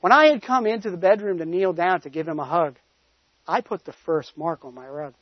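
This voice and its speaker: A man with a notably high voice delivers a sermon, moving from a conversational personal story into exhortation. He leans hard on certain words with rising emphasis. The recording sounds muffled and dry, with no room echo. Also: a little fast. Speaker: preacher.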